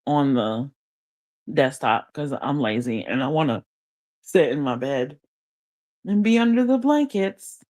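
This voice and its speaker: A woman's voice: extremely low pitch, animated, a little slow, long pauses, a little mellow. Chatty slangy woman livestreaming from bed. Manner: chatty, slangy, laughs often. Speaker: livestreamer reading chat. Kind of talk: casual live-stream chat. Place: her bed under blankets. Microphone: phone.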